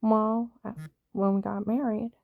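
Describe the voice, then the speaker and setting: Gravelly, indignant woman ranting. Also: medium pitch, level tone, unhurried, no echo, phone-quality sound. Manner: stutters when upset. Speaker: vlogger. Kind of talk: angry personal monologue.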